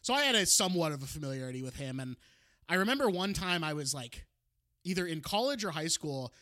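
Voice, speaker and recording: A man's voice: a little high, animated, quick pace, pushed and bright, no echo, studio quality. A young man co-hosting a podcast, chatting casually, joking and laughing as he rambles. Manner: jokey, laughs often, rambling. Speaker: podcast co-host.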